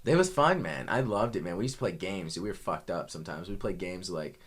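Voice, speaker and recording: A man's voice: low-pitched, expressive, a little fast, breathy edge. A young man and army veteran on a podcast, telling war stories in casual, profane chat and laughing a lot.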